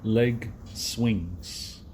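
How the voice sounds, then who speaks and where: Slow British man teaching vocabulary. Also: on the low side, a little mellow, slight background noise. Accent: British English. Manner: halting, many fillers, clear simple phrases. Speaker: English teacher. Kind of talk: slow spoken vocabulary lesson with commentary. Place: outdoors at a running track.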